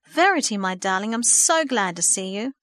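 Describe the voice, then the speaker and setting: A woman voicing a warm, effusive aunt who talks enthusiastically in a storybook reading. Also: medium pitch, animated, a little fast, dry recording, studio quality, lightly acted. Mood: gushing. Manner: gushing, enthusiastic.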